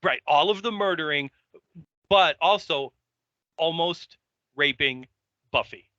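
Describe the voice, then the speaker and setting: A man with a very bright, sharp voice co-hosts a casual recap podcast, often agreeing and restarting his sentences as he builds a point. His dull, lo-fi mic sounds close and dry. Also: a little high, takes it slowly, no echo. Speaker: podcast co-host.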